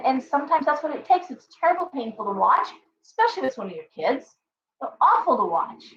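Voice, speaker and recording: A woman's voice: high voice, fairly bright tone. A middle-aged woman hosting a live tarot stream, blunt, profane and scolding as she rants and reads cards. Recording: echoey, dull live-stream audio.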